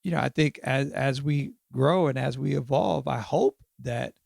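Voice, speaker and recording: Gravelly reflective man in his fifties. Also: mid-range voice, normal speed, darkish tone, dry recording, studio quality. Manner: reflective, peppers talk with "right?" and "you know". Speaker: podcast guest, author. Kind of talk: casual interview conversation.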